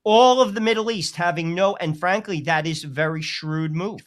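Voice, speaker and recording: A man co-hosting a live political talk show, delivering forceful rants that repeat their key phrases. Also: high voice, moderate pace. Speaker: co-host.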